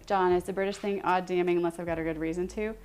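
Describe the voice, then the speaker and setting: A young woman hosting a cooking livestream from her home kitchen, chatting casually with viewers, self-deprecating and quick to laugh. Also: on the low side, fairly even intonation, darkish tone, clear, resonant tone. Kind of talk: casual chat with live viewers while cooking.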